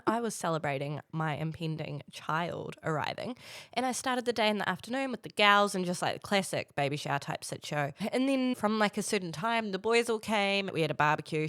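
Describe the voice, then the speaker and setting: A woman's voice: on the low side, lively intonation, a little fast, a bit bright, no echo, clean studio sound. A young woman from New Zealand with a New Zealand accent, co-hosting a podcast, telling stories dramatically with casual swearing. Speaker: podcast co-host. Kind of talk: casual chat.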